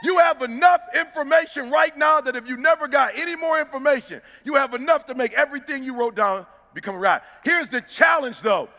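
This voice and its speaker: A man with a very high, sharp voice delivers a preacher-style motivational speech, hammering his points home. He shouts some lines and stretches others into a sing-song cadence. His voice rings out with the long reverb of a big hall. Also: fairly quick, hardly any pauses. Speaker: motivational speaker.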